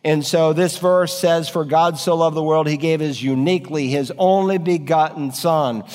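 A man preaching a sermon, earnest, speeding up and slowing down for emphasis. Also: fairly high pitch, steady tone, darkish tone, big-room sound, soft background music. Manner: earnest preaching with sweeping shifts in pace and emphasis. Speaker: pastor.

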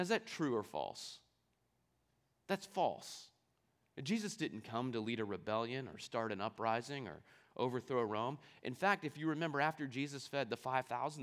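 A man's voice: medium pitch, fairly bright tone. A man preaching a sermon, reading scripture aloud and explaining it, asking rhetorical questions along the way. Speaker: pastor.

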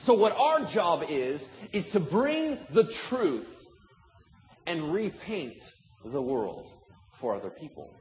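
A male pastor preaching a sermon with humor, acting out little dialogues as he speaks. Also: sits high. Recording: echoey hall, dull sound, faint noise.

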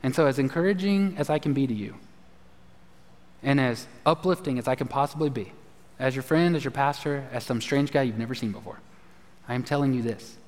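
A man's voice: mid-range voice, brisk, darkish tone. A man, a pastor preaching a folksy, conversational sermon with asides. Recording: reverberant church hall.

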